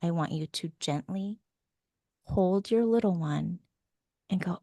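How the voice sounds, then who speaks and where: A woman coach guiding a session, asking gentle probing questions and talking people through their feelings. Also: lowish voice, slow pace, pauses often, no room sound, studio quality.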